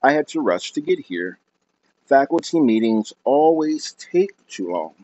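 A tired, soft-spoken father who speaks in careful, formal sentences, put on by a male reader. His voice sits lower than the storytelling voice and moves in lively contours. The recording sounds dull and lo-fi. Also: measured pace. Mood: weary. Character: tired, gentle middle-aged father, a professor.

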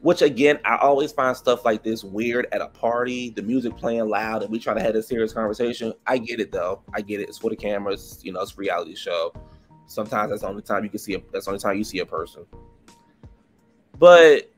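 A man with a Washington DC area accent recapping a reality show in a casual, gossipy way. He laughs often and swings his pitch up high when he acts out the cast. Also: brisk, faint music behind. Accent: DMV (Washington DC area). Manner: animated and gossipy, laughing often, big jumps in pitch when acting out others. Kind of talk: casual chatty episode review.

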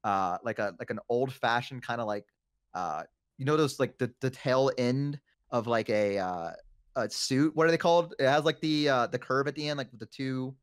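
A man's voice: mid-range voice, moderate pace, clear, resonant tone, no room sound, studio quality. A young man chatting casually and telling stories, rambling with lots of fillers. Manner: rambling, many fillers and restarts. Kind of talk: casual chat, storytelling.

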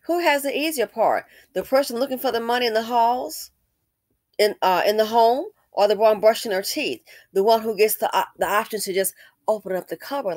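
A woman's voice: on the high side, normal speed, dry recording. Emphatic woman commentator, dry sound. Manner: emphatic, repeats points, asks rhetorical questions. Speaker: commentary channel host. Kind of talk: casual commentary on an ad.

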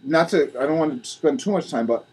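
A man's voice: a little high, fairly quick, breathy edge. A man from Rhode Island, a podcast guest, telling his story candidly and animatedly, acting out what others said. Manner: animated, acts out other people's lines.

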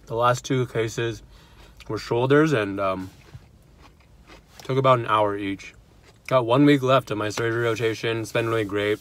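A man's voice: mid-range voice, moderate pace, long pauses. A young man in his twenties, a physician assistant student, chatting casually into a phone at arm's length, rambling with lots of fillers. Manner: relaxed, rambling, filler-heavy. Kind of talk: casual vlog chat. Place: car and home. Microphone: phone held at arm's length.

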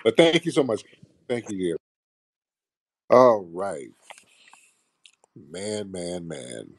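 A man's voice: low voice, very animated, takes it slowly, no room sound, studio quality. A man hosting a call-in show, sarcastic and combative, trading insults with callers and calling them sir.

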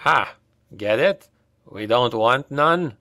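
A man voicing a grumbling, joking male foot soldier in an audiobook, in a lowered, rough-edged voice. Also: takes it slowly, a bit bright. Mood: mocking.

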